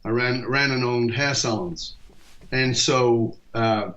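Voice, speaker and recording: A man in his fifties from England, a leadership speaker telling stories in an interview and acting out quoted dialogue. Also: medium pitch. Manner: lively, acts out quoted dialogue, quick asides. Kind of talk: storytelling interview talk. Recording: dull lo-fi podcast recording.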